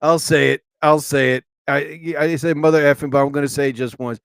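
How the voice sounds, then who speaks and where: A man with a fairly high voice rambles through a live show he hosts himself. He chats loosely, laughs often and trails off mid-thought, and the sound is dry and close. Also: fairly even intonation, fairly quick, gravelly, fairly bright tone, clear, resonant tone, dry recording. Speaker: host of his own live show and podcast.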